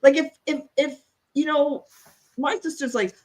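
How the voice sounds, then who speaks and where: A middle-aged woman co-hosting a podcast, telling personal stories in candid casual chat, with sudden jumps in pitch when she gets worked up. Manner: animated storytelling, quick pitch jumps when upset. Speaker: podcast co-host.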